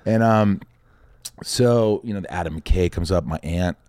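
A man, a guest on a podcast, telling a story in a lively way, acting out the voices of the people in it and swearing casually. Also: lowish voice, measured pace, smooth, no room sound, clean studio sound. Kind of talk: animated storytelling with acted-out quotes.

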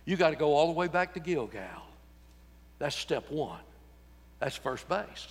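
A man's voice: fairly high pitch, expressive, a little slow, husky, big-room sound. A man preaching a sermon in a church, folksy and joking, acting out voices when he quotes people. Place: church sanctuary.

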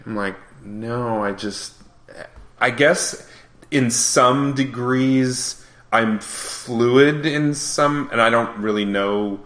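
A man's voice: medium pitch, extremely slow, fairly bright tone, echoey room. A man hosting a podcast in casual chat, rambling and self-deprecating, often breaking into laughter. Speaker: podcast host.

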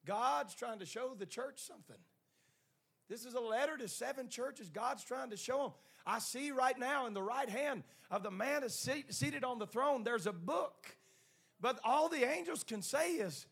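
A male preacher with a very high, gravelly voice that has a forceful edge. He preaches a sermon, retells scripture with dramatic flourishes and keeps calling on the congregation to answer back. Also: expressive, moderate pace.

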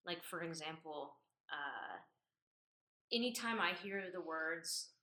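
Lower bright woman in a roomy space. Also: expressive. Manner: thoughtful, uses many fillers, slows to weigh words. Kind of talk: casual reflective conversation.

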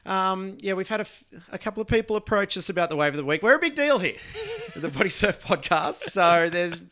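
A man's voice: sits high, brisk, pushed and bright. A man co-hosting a podcast, chatting casually with jokey, rambling banter. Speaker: podcast co-host. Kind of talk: casual chat.

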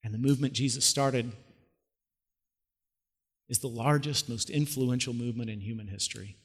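A man's voice: mid-range voice, fairly even intonation, normal speed. A man preaching a sermon as a pastor, telling the story in a conversational way and asking the listeners questions. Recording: long hall reverb.

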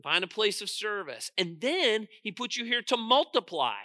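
A man preaching a sermon as pastor, stressing points loudly, dropping into quiet asides and asking the congregation questions. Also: sits high, big pitch swings, moderate pace, no room sound.

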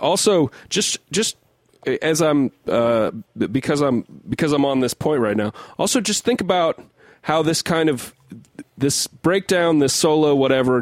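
A young adult man co-hosts a podcast, picking apart a song in casual chat full of restarts and hedges. His voice sits in the mid range, recorded at studio quality with no room sound.

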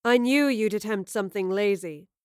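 A woman's voice: medium pitch, moderate pace, smooth, no room sound, clean studio sound, natural voice. A woman reading a storybook voices a smug, scheming villainess with a goading, mocking manner.

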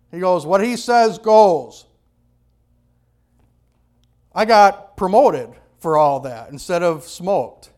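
A man preaching in a high, smooth voice, telling a personal story to his listeners. His delivery is animated and conversational, full of restarts and asides. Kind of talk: storytelling sermon.

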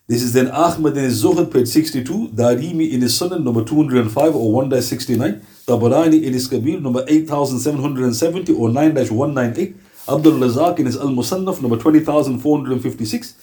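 A man's voice: medium pitch, dark tone. A man giving a religious lesson, posing rhetorical questions and reeling off lists of references. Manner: emphatic, rhetorical questions, rapid citation lists. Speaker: Islamic teacher.

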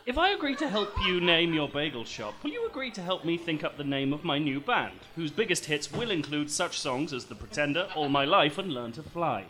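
A British man playing a self-important male rock star in his own accent, with pompous, drawn-out answers. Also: fairly high pitch, sing-song. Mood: smug.

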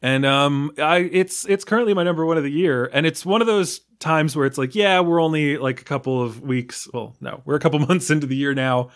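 A man's voice: fairly high pitch, a little fast, hardly any pauses. A man from the United States talking casually about a film, rambling with many fillers, restarts and small laughs. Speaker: film podcast guest.

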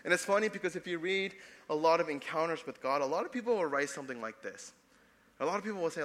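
A young adult man, a pastor preaching a sermon, swinging between loud emphatic passages and soft hushed ones. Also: a little high, expressive, fast, big-room sound.

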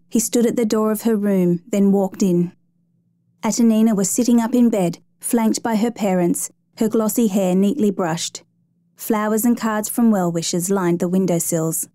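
Telling a true rescue story, a woman speaks in a steady, measured narrating voice of medium pitch, warm and mellow in tone. The sound is dry and close, with no room audible.

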